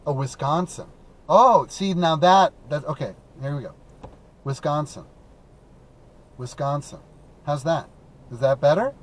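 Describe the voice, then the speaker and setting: A man's voice: on the high side, animated, normal speed. A man from the American Midwest hosting a call-in talk show from his car, chatting casually and rambling with lots of fillers and restarts. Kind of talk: casual live-stream chat. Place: in a car while driving.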